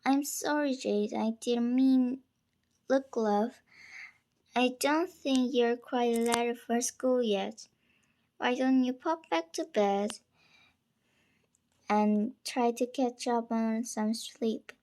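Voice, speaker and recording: A woman reading aloud, voicing an anxious mother who fusses and gently scolds her daughter, sometimes slipping into a soft whisper. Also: on the high side, slow, long pauses. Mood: worried.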